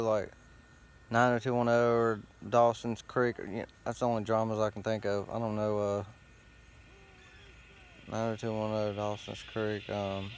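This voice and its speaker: Low-voiced man rambling profanely outdoors. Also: clean tone. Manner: loose, profane, meandering talk with frequent fillers. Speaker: host. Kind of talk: casual rambling monologue. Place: outdoors, sitting against a tree.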